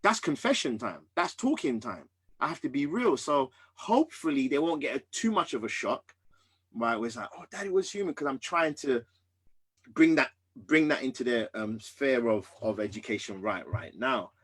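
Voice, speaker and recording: A husky-voiced man tells a personal story as a podcast guest. He is earnest and emphatic, getting loud one moment and hushed the next, at a middling pitch. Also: expressive, normal speed.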